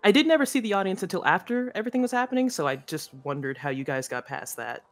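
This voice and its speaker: Dude doing a chatty young stagehand, kinda high voice, super supportive. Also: male voice, very animated, fast. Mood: friendly. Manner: chatty, eager, casual. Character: friendly young male stagehand, warm and supportive.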